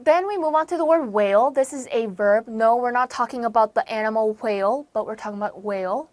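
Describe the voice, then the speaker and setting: An American woman teaching vocabulary, her voice on the higher side and recorded close and dry. She explains each word patiently, circling back to rephrase and leaning hard on the key terms. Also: brisk, no echo. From United States. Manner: repeats and rephrases, stressing key words with lively pitch jumps. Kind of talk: explanatory online lesson.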